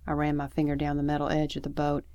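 Woman, deep low voice, audiobook narration, calm and measured, dry close sound. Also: smooth, no room sound. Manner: calm, measured storytelling with lively acted dialogue. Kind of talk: scripted first-person narration.

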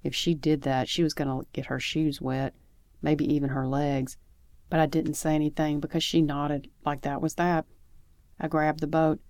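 A woman reading a first-person story aloud in a calm, measured narration style. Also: low-pitched, no echo, studio quality. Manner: calm, measured storytelling with lively acted dialogue. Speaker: audiobook narrator.

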